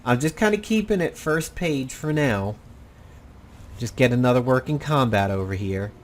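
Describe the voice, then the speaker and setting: A man's voice: medium pitch, lively intonation, normal speed. A man hosting casual gameplay commentary, rambling and blunt, with the odd swear. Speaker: gaming channel host.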